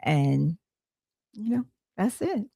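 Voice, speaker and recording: A woman's voice: medium pitch, big pitch swings, slow, vocal fry, mellow, slightly rough, no room sound, clean studio sound. A woman hosting a podcast, talking casually over a video call, rambling with many fillers and self-corrections. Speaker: podcast host. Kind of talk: casual conversation.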